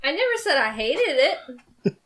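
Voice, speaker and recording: A playful woman with a high, bright voice who giggles as she talks. She is a guest in a casual podcast chat. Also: very animated, normal speed.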